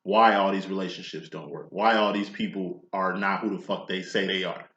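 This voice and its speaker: A man's voice: sits low, steady tone, moderate pace, fairly bright tone. A man giving a casual tarot reading, talking in a blunt, profane, preachy way. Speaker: tarot reader. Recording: echoey room, dull lo-fi sound.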